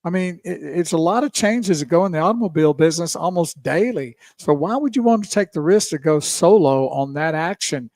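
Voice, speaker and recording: A man with a fairly high voice co-hosts a radio show, talking in a loose, agreeable way as he backs up the host. His voice sounds dry and close to the mic. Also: animated, brisk, hardly any pauses, darkish tone, no echo. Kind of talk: casual radio talk.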